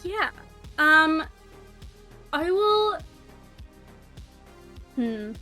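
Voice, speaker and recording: A woman narrating as game master in a tabletop game, unhurried and pausing often with fillers. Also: high voice, sing-song, bright, forceful tone, soft background music.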